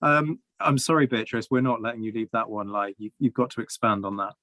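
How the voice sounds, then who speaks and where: A man hosting a history panel, moderating in a brisk, jokey way. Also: mid-range voice, steady tone, fairly bright tone, dry recording. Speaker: podcast host. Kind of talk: casual panel discussion.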